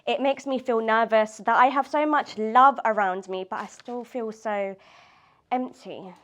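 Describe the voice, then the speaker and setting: Woman poet with a fairly high voice reading her own work and chatting with a small crowd between poems. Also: unhurried, a bit bright. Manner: laughs often, loose chat with fillers before reading. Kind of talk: poetry reading and casual chat. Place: community space at a live reading event.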